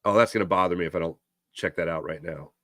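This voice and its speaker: Brief: Philadelphia sports talk host, crisp bright tone, dry close sound, rambling off-the-cuff delivery. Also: male voice, sits low, fairly even intonation, fast, dry recording. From Philadelphia area, USA. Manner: rambling, self-correcting storyteller. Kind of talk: casual chat, answering live chat.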